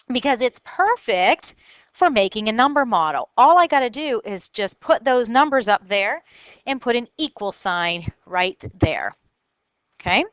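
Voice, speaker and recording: A woman teaches a recorded math lesson to children, walking through each step out loud in an upbeat way. Her voice sits fairly high and swings widely in pitch. It is smooth and clear, recorded dry and close. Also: no room sound, low-quality recording. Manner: upbeat, thinks aloud step by step.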